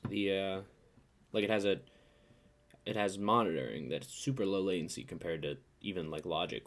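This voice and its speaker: A man's voice: low voice, expressive, fairly quick. A man, a singer-songwriter, chatting casually between songs into his own studio microphone, rambling and correcting himself as he goes. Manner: rambling, self-correcting, trailing off into mumbled asides. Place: indoors, dry-sounding room. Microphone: own studio microphone, headphones on. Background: acoustic guitar.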